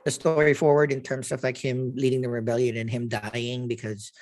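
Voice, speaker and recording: A man co-hosting a podcast, talking in a lively way in casual chat. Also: medium pitch, a little fast. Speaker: podcast co-host. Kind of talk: casual chat reviewing shows.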